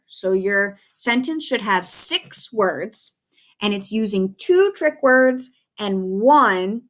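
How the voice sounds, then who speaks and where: In a recorded phonics lesson for small children, a woman teacher goes slowly, lingering over each word and spelling it out letter by letter. Her middle-pitched voice is animated, patient and encouraging.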